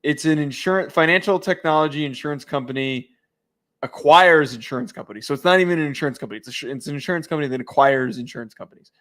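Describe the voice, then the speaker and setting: Male co-host, casual banter, dry sarcasm, looks up facts mid-talk, raised pitch. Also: quick pace, fairly bright tone. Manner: wry, looks things up, sarcastic asides. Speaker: podcast co-host. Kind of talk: casual sports chat.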